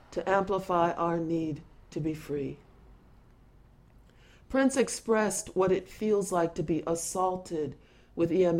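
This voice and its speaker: A woman giving an impassioned spoken address, earnest and deliberate, pausing often and restarting phrases. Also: on the low side, a little mellow.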